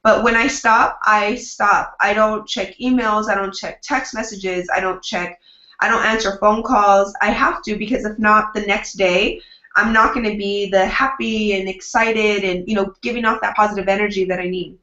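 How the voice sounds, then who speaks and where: A woman's voice: mid-range voice, steady tone, normal speed, sharp tone. A woman publicist answering interview questions in an upbeat, chatty way, often acting out what she tells her clients. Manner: upbeat, chatty, acts out quoted dialogue. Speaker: publicist, guest. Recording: roomy, dull lo-fi sound.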